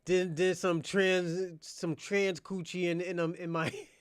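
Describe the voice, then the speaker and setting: Loud, mocking man, dry close mic. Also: sits high, level tone, measured pace, clear, resonant tone, no echo. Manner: mocking, laughing, swings from quiet mutters to loud outbursts. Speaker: host of his own channel. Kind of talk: casual unscripted monologue.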